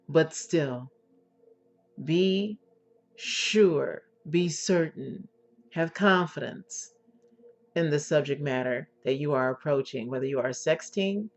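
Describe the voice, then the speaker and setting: A woman coaching her listeners in a lowish, sultry voice, drawing her words out very slowly. She checks in with "okay?" and calls the listener by pet names. The recording is dull and lo-fi, with faint music behind her. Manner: slow, sultry, drawn-out delivery, often checking "okay?"; endearments to the listener. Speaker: intimacy coach. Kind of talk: instructional talk to women.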